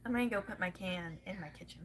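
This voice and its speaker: A woman's voice: on the low side, fast talker, a bit bright, slight background noise. A woman with a Southern US accent venting angrily and bluntly to camera, swearing freely. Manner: profane, heated, blunt. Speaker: vlogger. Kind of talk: angry venting rant.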